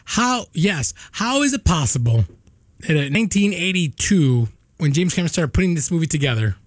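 A man co-hosting a casual talk show, reacting with quick, incredulous remarks. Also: a little high, sing-song, husky, no echo, clean studio sound. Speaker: podcast co-host. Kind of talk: casual chat.

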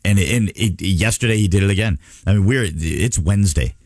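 A man's voice: deep voice, moderate pace, a little mellow, no room sound, clean studio sound. A man hosting a radio show, telling stories in an earnest, rambling way during casual on-air banter. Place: radio studio.

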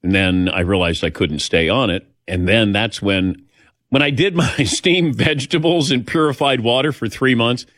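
A man's voice: medium pitch, normal speed, a bit bright, dry recording, clean studio sound. An older man hosting a show, telling personal stories in a chatty, self-deprecating way and acting out the voices he quotes. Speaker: host. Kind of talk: casual storytelling chat.

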